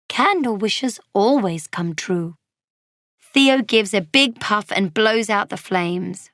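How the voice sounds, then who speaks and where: A woman reading a children's storybook aloud, gently and expressively in a child's voice of narration. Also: mid-range voice, measured pace, dry recording, studio quality.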